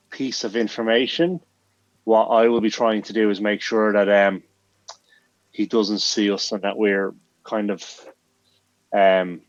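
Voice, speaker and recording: A man's voice: fairly low pitch, dry recording, muffled recording. A man playing a tabletop game, thinking aloud hesitantly with many fillers. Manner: thoughtful, hesitant, lots of fillers. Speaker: player.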